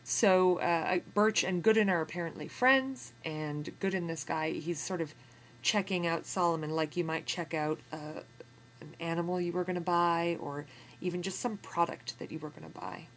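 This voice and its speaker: A woman reading a memoir aloud in a lesson, pausing for relaxed explanatory asides. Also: on the low side, a little hiss or hum. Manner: clear reading, then relaxed asides with fillers. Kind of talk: reading aloud with casual commentary.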